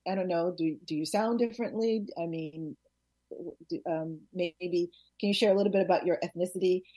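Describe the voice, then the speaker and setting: A woman's voice: on the low side, moderate pace, mellow, dry recording. A woman interviewing a guest, asking questions hesitantly while searching for words. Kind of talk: casual interview.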